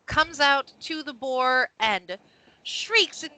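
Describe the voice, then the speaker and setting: A woman's voice: high-pitched, animated, slow pace, sharp tone, dry recording, poor audio. A woman running a tabletop game as game master, narrating scenes and patiently explaining the rules.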